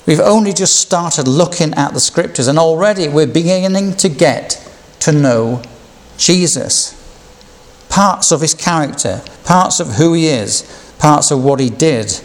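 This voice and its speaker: A man delivering a sermon in a fairly high voice. He teaches in a slow, measured, reflective way, pausing over each scripture he reads out. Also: lively intonation. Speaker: preacher.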